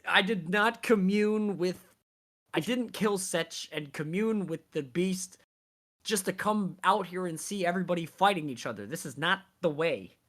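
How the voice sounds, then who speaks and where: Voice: mid-range voice, unhurried, a bit bright. Exasperated, profane tabletop player. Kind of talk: in-character roleplay rant.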